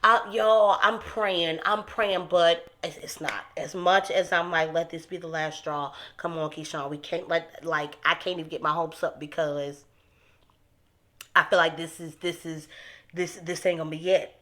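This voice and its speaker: A young woman talking casually to her viewers as she recaps a TV episode, animated and emphatic. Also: low voice, normal speed. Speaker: TV recap host.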